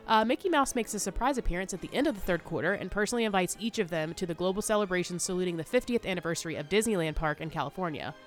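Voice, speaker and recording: Woman, thirties, podcast co-host, casual chatty talk, slightly low voice, faint music underneath. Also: lively intonation, racing, hardly any pauses. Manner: chatty, laughs often, many fillers. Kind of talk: casual chat.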